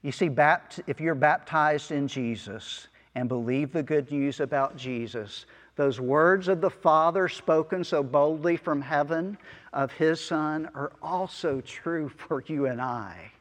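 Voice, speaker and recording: A man preaching a sermon as pastor of a small church, speaking earnestly with soft asides and chuckles. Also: on the high side, unhurried, big-room sound.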